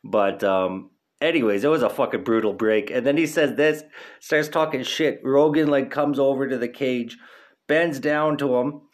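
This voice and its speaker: Stoned young podcast host, rambling and profane, mid-pitched voice. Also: male voice, moderate pace. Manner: laid-back, profane, rambling. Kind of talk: casual podcast chat.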